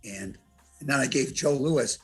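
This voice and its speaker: With faint music in the background, a gravelly, husky-voiced man in his eighties spins brash, profane stories as a guest on a podcast. He's a martial artist and an animated storyteller, speaking in a mid-range voice at a moderate pace.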